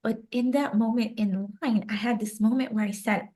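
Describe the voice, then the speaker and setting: A woman's voice: a little high, moderate pace. Emotional young woman telling her story. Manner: emotional, animated retelling with frequent "like" fillers. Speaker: guest author. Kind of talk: personal storytelling in a conversational interview.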